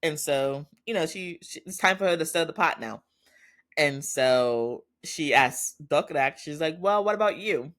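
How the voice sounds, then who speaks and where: A man's voice: on the high side, measured pace, fairly bright tone. A man hosting a podcast, recapping a TV drama in a casual, chatty way with frequent laughter. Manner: chatty, laughs often, loose storytelling with fillers. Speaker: podcast host.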